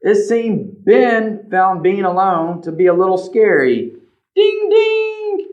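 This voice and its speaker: A man reading a picture book aloud to children as a librarian, animated, pointing out the pictures and asking questions. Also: sits high, measured pace. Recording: slightly dull lo-fi recording.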